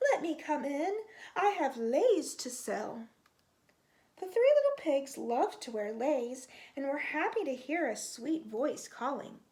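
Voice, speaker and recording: Woman, storytime reader, high voice, slow and expressive, picture book read-aloud. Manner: expressive, stretching out sound words.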